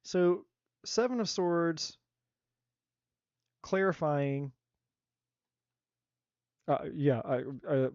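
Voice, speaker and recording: Guy doing a live tarot reading, blunt and sweary, kinda high voice, dry dull lo-fi audio. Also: slow pace, long pauses, dry recording. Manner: blunt, animated, swears freely, acts out quotes. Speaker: tarot reader.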